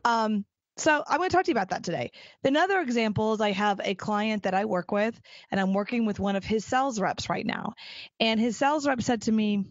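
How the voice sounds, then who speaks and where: A middle-aged woman holding forth on her own podcast, animated and insistent, hammering points home by repeating them. Her mid-range voice sits close to the mic in a dry space. The sound is slightly dull, like a modest home setup. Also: medium pitch, a little fast, no room sound. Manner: animated and emphatic, repeating phrases for stress. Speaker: podcast host. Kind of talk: solo podcast monologue. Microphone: close mic at a desk chair.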